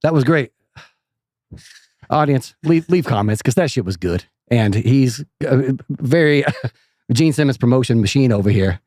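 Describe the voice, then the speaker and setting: A man's voice: mid-range voice, expressive, unhurried, a little mellow, no room sound, studio quality. A man co-hosting a podcast in casual chat, a musician given to joking banter. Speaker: podcast co-host and rock musician.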